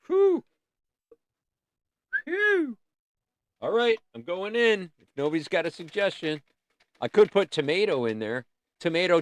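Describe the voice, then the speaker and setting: A man's voice: on the high side, fairly bright tone, no room sound. A man hosting a casual art livestream, rambling and easily sidetracked, breaking off to sing bits of songs. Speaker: livestream host.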